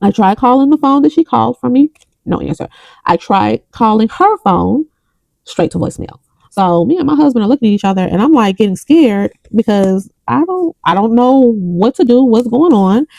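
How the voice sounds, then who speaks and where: A woman's voice: fairly high pitch, animated, moderate pace, gravelly, mellow, no echo, low-quality recording. A young adult woman vlogging about her budget, counting bills aloud and telling a story between counts. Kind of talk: casual chat while counting cash.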